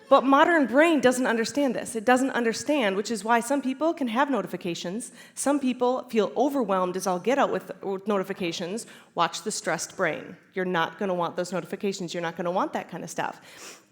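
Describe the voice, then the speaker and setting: A chiropractor speaking at a conference before a live audience, animated and laughing often as she acts out inner voices. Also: medium pitch, normal speed. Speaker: chiropractor giving a conference talk. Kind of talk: lively conference talk.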